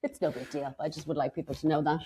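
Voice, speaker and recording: A woman's voice: deep voice, fairly even intonation, fast talker, warm tone, husky. An Irish woman, a stand-up comedian, chatting in a podcast interview with playful, self-deprecating humour and rambling stories. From Ireland. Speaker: stand-up comedian and club host.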